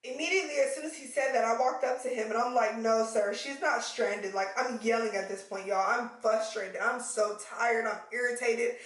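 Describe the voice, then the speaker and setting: A woman vlogger telling a story to her viewers in casual, animated talk, swearing now and then and calling them y'all. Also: fairly high pitch, fairly quick, hardly any pauses, very echoey, recorded from a distance, rough recording.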